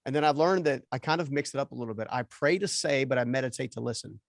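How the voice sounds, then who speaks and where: A man's voice: medium pitch, fast, gravelly, no echo. Man, interview host, rambling searching manner, dry recording. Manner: searching, repeats words and restarts, ends points with "right?". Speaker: podcast host. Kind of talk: casual interview chat.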